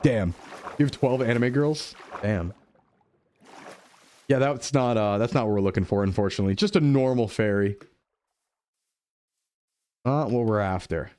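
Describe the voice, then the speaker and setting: A young man chatting casually while streaming a game, playful and quick to drop into goofy voices. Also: mid-range voice, darkish tone. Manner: playful, jumps into goofy voices and dub impressions. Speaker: VTuber streamer. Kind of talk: casual gaming chat.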